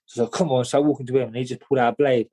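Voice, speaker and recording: A man's voice: medium pitch, fairly even intonation, very fast, warm tone, husky, low-quality recording. A young man, a boxer talking as a podcast guest in casual storytelling, rambling and repeating himself with lots of "mate". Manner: rambling, repeats words, many "mate" and "do you know what I mean".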